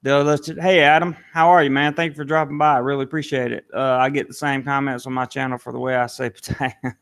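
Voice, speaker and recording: A man's voice: mid-range voice, flat delivery, fast talker, a bit bright, clean tone. A man with a Southern US accent, hosting a casual live stream and answering viewer comments aloud. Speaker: live-stream vlogger reading chat.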